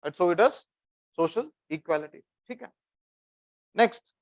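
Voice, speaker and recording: A man's voice: high-pitched, lively intonation, normal speed. A man with an Indian English accent teaching a classroom lecture. He repeats key phrases for note-taking and quizzes his students.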